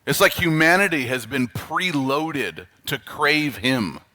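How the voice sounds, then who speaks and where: A man with a Canadian accent preaching a sermon as pastor, emphatic and animated, at times dropping to quiet, earnest asides. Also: fairly high pitch, slow pace.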